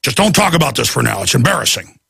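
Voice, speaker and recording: A man putting on the voice of a gruff, angry middle-aged man who mutters clipped complaints in a low gravelly grumble. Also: big pitch swings, fast talker, pushed and bright, no room sound, studio quality, heavily acted. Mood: grumbling.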